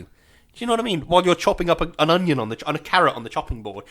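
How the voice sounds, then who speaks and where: Male podcast co-host, casual and playful, very lively pitch. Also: rapid-fire. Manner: animated, jokey, slips into silly voices. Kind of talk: casual chat.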